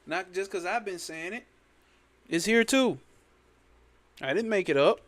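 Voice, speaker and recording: A man's voice: high voice, lively intonation, a little slow, a bit bright, slight background noise. Emphatic, cursing male spiritual teacher. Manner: emphatic, repetitive, sprinkled with profanity. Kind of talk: casual spoken commentary on a scripture.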